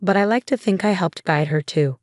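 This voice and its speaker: A woman's voice: on the low side, brisk, a little mellow, no room sound, studio quality, lightly acted. A woman narrator voicing a vain, self-important older mother-in-law in a spoken story. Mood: boastful. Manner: boastful, then flustered.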